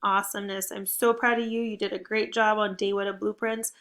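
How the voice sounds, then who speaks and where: A young woman teacher leading a phonics lesson for young children, upbeat and encouraging, with clear drilled prompts. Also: mid-range voice, flat delivery, brisk, a bit bright.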